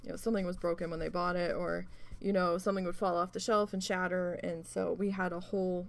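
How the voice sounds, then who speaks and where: A woman with a gravelly, creaky voice tells a long story in a casual crafting vlog. She talks in a rambling, loose way, swears freely and fills gaps with ums. Now and then she jumps into short, acted-out bits of dialogue. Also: lowish voice, little pitch movement, fast. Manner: rambling, profane, with many fillers; acts out quoted voices in bursts. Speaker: craft vlogger.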